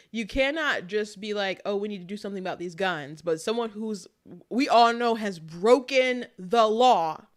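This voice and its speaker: Chatty woman hosting political talk. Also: mid-range voice. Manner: chatty, laughs often, quick asides. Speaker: political commentary host. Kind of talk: casual political commentary.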